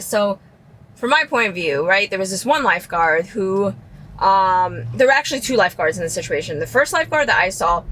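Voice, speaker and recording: Woman, casual car-podcast host, sharp bright tone, animated storyteller, faint background noise. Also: medium pitch. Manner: animated storytelling, laughing often. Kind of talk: casual chat. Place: inside a moving car.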